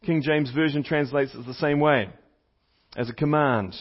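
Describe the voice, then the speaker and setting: A man's voice: fairly high pitch, normal speed. A man preaching a sermon as a pastor, teaching step by step, repeating key points for emphasis, and putting questions to the congregation. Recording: slightly dull, lo-fi sound.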